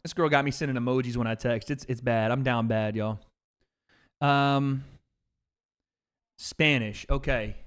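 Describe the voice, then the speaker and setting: A man hosting a casual livestream, talking in excitable slang with sudden outbursts of frustration. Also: mid-range voice, measured pace, pauses often, clean tone. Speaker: livestream host.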